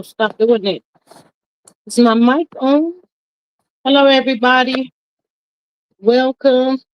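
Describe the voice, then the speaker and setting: A woman's voice: on the high side, no room sound, lo-fi sound. A woman hosting a casual livestream, chatty, greeting her chat and reading out messages with Southern slang. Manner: Southern slang, calls everyone child. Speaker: livestream host.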